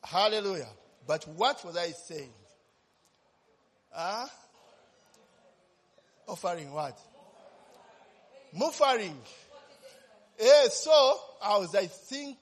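A man's voice: sits high, expressive, slow pace, long pauses, slightly rough, long reverb tail. A man, preaching a sermon as personal testimony, telling his story animatedly and constantly tossing in tag questions.

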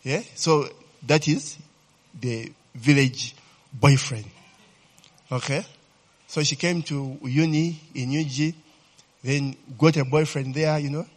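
A middle-aged man with a Ugandan English accent talks to an audience in a loose, teasing way. He laughs easily and keeps throwing questions back at his listeners. His voice is husky and sits a little high for a man. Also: slow, long pauses. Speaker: speaker addressing an audience. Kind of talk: informal talk to a crowd.

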